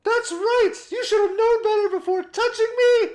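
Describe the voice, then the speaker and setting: A woman's voice: extremely high pitch, steady tone, normal speed, darkish tone. Woman playing a haughty living toy. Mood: indignant. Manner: indignant, imperious.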